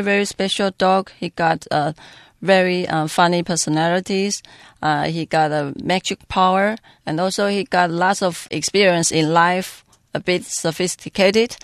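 A dubbing director answers interview questions in a halting way and often searches for words. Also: medium pitch, vocal fry, no echo, clean studio sound. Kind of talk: interview answers in a second language.

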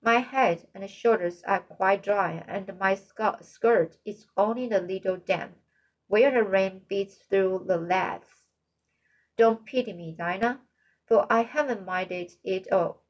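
A woman's voice: medium pitch, takes it slowly, poor audio. A woman reading as a cheerful dreamy young girl. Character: cheerful imaginative teenage girl.

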